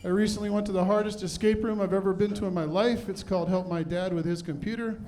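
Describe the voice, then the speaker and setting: A man's voice: high voice, fairly even intonation, fast talker, dark tone. A middle-aged man doing a self-deprecating stand-up comedy set on a club stage with a handheld mic. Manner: self-deprecating, punchy delivery.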